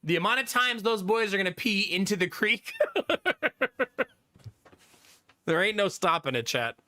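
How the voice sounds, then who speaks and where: A man's voice: high voice, expressive, a little slow, sharp tone. A man in his thirties, a live streamer telling a story to his viewers in casual chat, laughing often and swearing freely.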